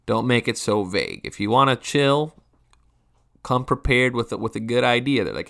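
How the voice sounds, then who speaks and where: A man's voice: lowish voice, expressive, normal speed, gravelly, fairly bright tone. A man around thirty ranting casually for laughs, rambling and swearing, often restarting his sentences and poking fun at himself. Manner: rambling, profane, self-mocking, frequent restarts. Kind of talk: casual comedic rant.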